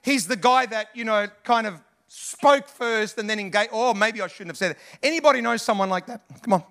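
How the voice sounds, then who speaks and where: A man preaching a sermon as a pastor, animated and conversational, with asides to the congregation. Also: sits high, a little fast.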